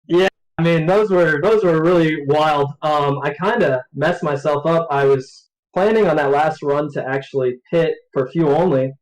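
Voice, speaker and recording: A man recounts his race in a loose, rambling way, often breaking into laughter. His voice sits a little high. He sounds easy and unhurried. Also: low-quality recording. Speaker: race driver. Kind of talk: post-race interview.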